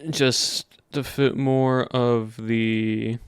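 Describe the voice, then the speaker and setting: A man's voice: medium pitch, flat delivery, very slow, clear, resonant tone, dry recording. A young man streaming a game, chatting casually and rambling to his chat. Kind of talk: casual livestream chat while gaming.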